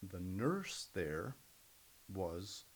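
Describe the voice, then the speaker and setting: A middle-aged man, a podcast guest, telling stories in an earnest, animated way. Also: low voice, drawn-out words, a little hiss or hum, poor audio. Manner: earnest, animated storyteller who acts out other people's voices. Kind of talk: casual storytelling interview.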